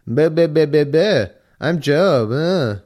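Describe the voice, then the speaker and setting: A man putting on a dumb, taunting voice to mock someone, with childish drawn-out grunts. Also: a little high, expressive, darkish tone, voice pushed up. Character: dopey mocking caricature of a grown man.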